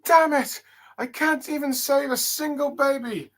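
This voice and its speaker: Man putting on a young guy in despair, frantic high-pitched yelling, well above his own voice. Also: fairly even intonation, unhurried, full character voice.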